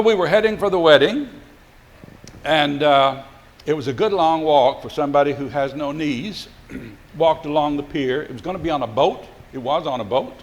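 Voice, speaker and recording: Older pastor telling a rambling story. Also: male voice, mid-range voice. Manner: folksy, rambling anecdotes with many fillers and restarts. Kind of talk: sermon storytelling.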